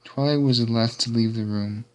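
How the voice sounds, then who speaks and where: A man's voice: mid-range voice, steady tone, moderate pace. A man reading a fan story aloud in a casual, unpolished way.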